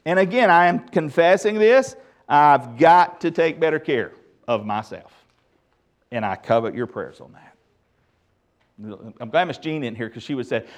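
A middle-aged man preaching a sermon as pastor, emphatic and lively with touches of humor. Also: a little high, moderate pace, pauses often.

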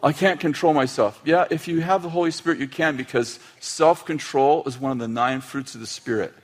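A man's voice: medium pitch, brisk. Storytelling middle-aged male pastor. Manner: storytelling with acted family quotes and humor. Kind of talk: sermon.

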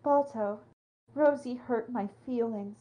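A tearful, heartbroken female dog whimpers her lines in a high voice, performed by a woman. Her sobbing keeps slipping into laughter in this comedic read-aloud. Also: takes it slowly, phone-quality sound. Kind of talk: comedic dramatic reading.

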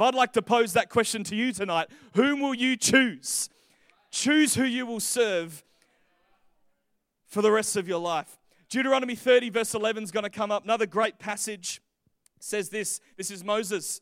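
High-voiced man preaching a casual sermon. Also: a bit bright, no room sound, clean studio sound. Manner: casual, joking storytelling then slow emphatic scripture reading.

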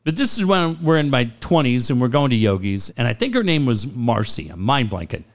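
A radio show co-host in his forties banters casually, telling animated stories at a fairly quick clip in a medium-pitched voice. He swears a lot and puts on voices for the people in his anecdotes.

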